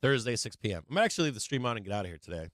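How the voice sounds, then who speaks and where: A man's voice: lowish voice, sing-song, racing, no echo, studio quality. A middle-aged man hosting a casual trading livestream, ranting with lots of swearing and laughing as he talks. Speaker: livestream stock trading host.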